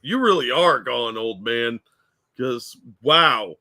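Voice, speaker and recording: A man's voice: mid-range voice, animated, takes it slowly, bright, forceful tone, dry recording. A man co-hosting a casual political chat, blunt and mocking in tone. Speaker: co-host.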